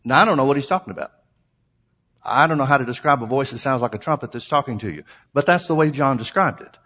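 A man's voice: medium pitch, expressive, fast talker, sharp tone, husky, in a large hall. A man preaching a sermon, teaching through a Bible passage in a conversational way and asking rhetorical questions.

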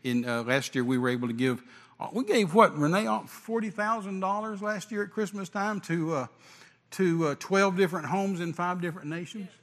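A man preaching a sermon, animated, rising to shouts at its peaks. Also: sits high, moderate pace. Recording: long hall reverb.

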